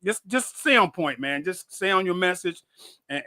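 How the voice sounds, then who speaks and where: In casual conversation, this man's slightly high voice moves at a moderate pace with no echo. He's blunt and animated, tripping over his words, saying things twice, and cursing freely.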